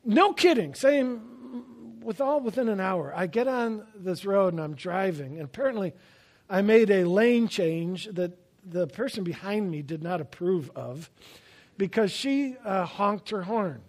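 A man preaching a sermon, telling stories with self-deprecating humor and swinging between loud emphasis and quiet asides. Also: high-pitched, animated, measured pace. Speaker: pastor.

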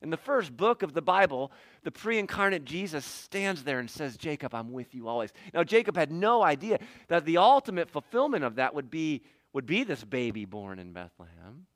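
Animated pastor with a bright, dry voice. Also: male voice, fairly high pitch, normal speed, few pauses, dry recording. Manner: animated, swings from loud emphatic peaks to hushed asides, chuckles often. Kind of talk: sermon.

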